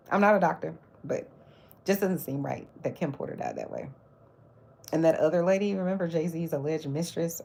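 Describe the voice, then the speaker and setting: Woman, livestream host, casual gossip chat, lively swooping pitch, gravelly husky voice. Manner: chatty, animated, mocking asides.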